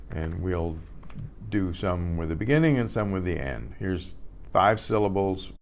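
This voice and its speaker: An older man teaching a beginner Spanish class, patiently repeating practice words and often clearing his throat. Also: low voice, expressive, a little slow. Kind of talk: beginner language lesson. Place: community class room.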